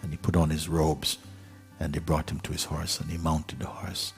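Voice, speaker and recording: A man giving a spiritual talk, telling a parable in an unhurried, gentle way with pauses and fillers. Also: a bass voice, flat delivery, soft background music. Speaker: spiritual teacher.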